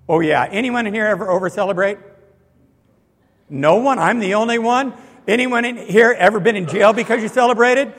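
A male pastor preaching a sermon, swinging from hushed lines to loud ones and asking the congregation questions. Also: high voice. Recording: long hall reverb.

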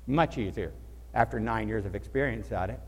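A male pastor delivering a sermon, addressing the congregation with animated rhetorical questions. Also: fairly low pitch, a little fast, long reverb tail.

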